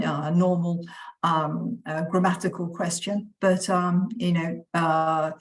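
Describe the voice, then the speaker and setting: A woman's voice: fairly low pitch, flat delivery, takes it slowly, recorded from a distance, rough recording. A woman on an online panel who explains her point hesitantly, with many fillers.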